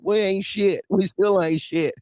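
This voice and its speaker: A man hosting a casual talk show about trucking, blunt and animated, talking in street slang and often laughing. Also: sits high, measured pace, dry recording, clean studio sound.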